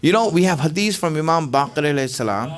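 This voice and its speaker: A middle-aged man preaches a Ramadan lecture in a casual, talking style. He fills his sentences with "you know" and keeps asking his listeners questions. His voice sits high and swings widely in pitch. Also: lively intonation, quick pace. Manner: conversational, rhetorical questions, frequent "you know".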